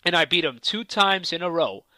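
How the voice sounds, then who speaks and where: A man's voice: on the high side, animated, normal speed, pushed and bright, no echo. A man cutting a trash-talking wrestling promo in a cocky, taunting, profane manner.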